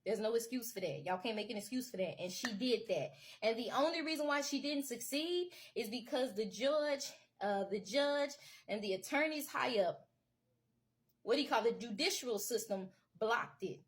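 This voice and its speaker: A woman's voice: on the high side, lively intonation, normal speed. A woman commentator delivering an impassioned political rant to camera. She talks emphatically and repetitively in casual everyday speech, urging her listeners again and again to wake up. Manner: casual vernacular with lots of y'all.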